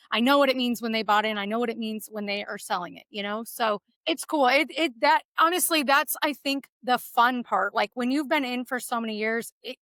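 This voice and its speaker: A woman's voice: a little high, a bit bright, dry recording. A woman with a Texan accent, a real estate agent being interviewed, talking casually and enthusiastically with many fillers.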